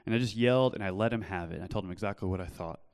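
A young man preaching earnestly in a church, telling his own story and then pleading gently with listeners. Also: deep voice, very fast, big-room sound. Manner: earnest, shifts from loud storytelling to soft pleading. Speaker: pastor. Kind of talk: sermon with personal testimony. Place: church hall.

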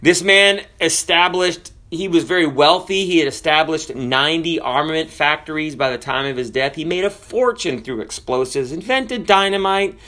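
A man preaching a sermon, quoting scripture and telling stories, with sudden swings between hushed words and loud ones. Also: a little high, moderate pace, few pauses. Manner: storytelling with quoted scripture.

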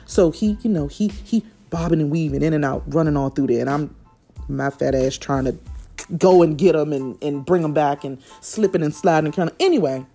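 A woman's voice: low-pitched, a little fast, faint music behind. A woman, telling funny parenting stories in a casual monologue, calling her listeners "y'all" and acting out what she and her kids said. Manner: animated, addresses listeners as y'all, repeats words, acts out quotes.

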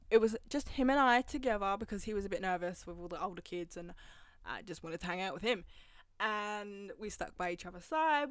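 A young woman dishes out childhood gossip on her solo podcast. She swears freely and laughs as she goes. Her mid-pitched voice sounds close and dry, with no room echo. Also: clear, resonant tone. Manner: profane, gossipy and animated, laughs often. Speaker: podcast host. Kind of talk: casual storytelling monologue.

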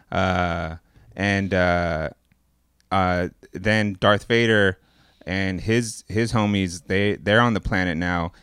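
A man with a lowish, smooth voice retells a movie plot on a casual podcast. He rambles and swears, fills his talk with "like" and "uh", and slips into the characters' lines as he goes. The sound is dry and close. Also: fairly bright tone, no echo. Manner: rambling and profane, heavy on "like" and "uh", acts out characters' lines. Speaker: podcast co-host.

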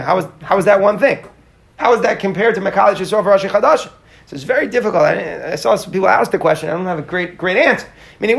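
A man's voice: high voice, creaky. A man teaching a live Talmud class to students in California, who asks questions and explains step by step, stumbling and restarting now and then.

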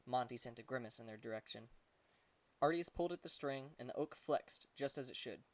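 A man reading a storybook chapter aloud in calm, gentle narration. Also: mid-range voice, brisk, far from the mic. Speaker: audiobook narrator. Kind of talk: scripted narration.

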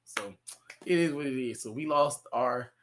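Man co-hosting a comedy podcast, lively and profane, mid-range voice. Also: medium pitch, normal speed, slight background noise. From Georgia, US South. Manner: animated, profane, laughs often. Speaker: podcast co-host. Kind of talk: casual comedic podcast chat.

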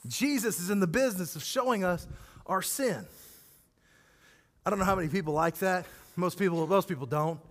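A male pastor preaching a sermon, animated and acting out scripture scenes as he speaks directly to his congregation. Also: high-pitched, normal speed, pauses often, long reverb tail.

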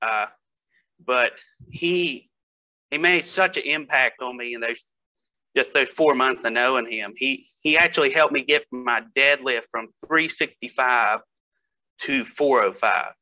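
Male guest, casual storyteller, sharp bright voice, middle pitch. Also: measured pace, dull audio. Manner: storytelling, laughs often, hesitant fillers. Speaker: guest strength athlete. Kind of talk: casual podcast chat.

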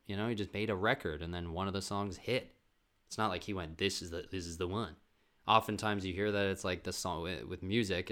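A podcast host delivers a casual, loose monologue of family stories, swearing freely and often restarting his sentences. His voice sits low and has a fairly bright tone.

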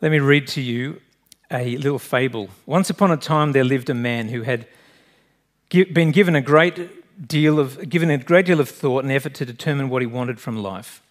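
A man's voice: mid-range voice, moderate pace. A male pastor giving a sermon, earnest and direct, putting questions to the congregation.

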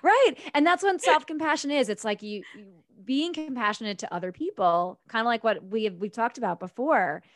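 A woman co-hosting a podcast, telling a personal story in a casual, animated way with laughs and self-talk asides. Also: fairly high pitch, moderate pace, few pauses, no room sound, clean studio sound. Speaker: podcast co-host.

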